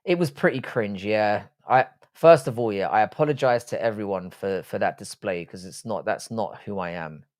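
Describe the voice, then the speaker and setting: A man's voice: on the low side, normal speed, few pauses, darkish tone. An Irish man hosting a live stream, chatting casually and reading out viewer comments, blunt and swearing freely with a self-deprecating edge. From Ireland. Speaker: livestream host.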